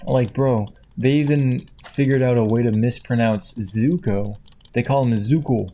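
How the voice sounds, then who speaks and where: A man chatting casually at his computer at home, tired, quiet and rambling, laughing often. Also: mid-range voice, steady tone, unhurried, slight background noise. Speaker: video creator. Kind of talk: casual chat while clicking at a computer. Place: at home indoors.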